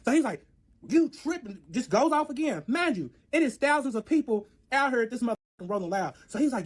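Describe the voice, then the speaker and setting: A man telling a story in casual chat, animated and profane, acting out both sides of the arguments. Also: extremely high pitch, fairly quick.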